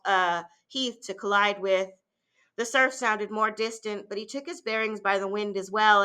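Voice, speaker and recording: A teacher reading a novel aloud in a measured, steady way, with a few small fillers and restarts. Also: female voice, mid-range voice, clean tone.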